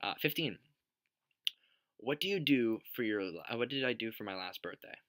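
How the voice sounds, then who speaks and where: A man's voice: lowish voice, lively intonation, moderate pace, a bit bright. Swearing young man rambling on a vlog. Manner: rambling, joking and swearing a lot. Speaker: vlogger. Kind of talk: casual question-tag vlog.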